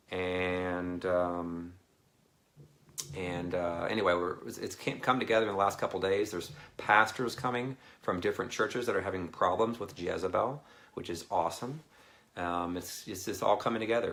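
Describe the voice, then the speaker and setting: Low gravelly man rambling to viewers. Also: a bit bright. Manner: rambling, chatty, laughs often. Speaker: Christian ministry speaker. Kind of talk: casual live video chat with viewers.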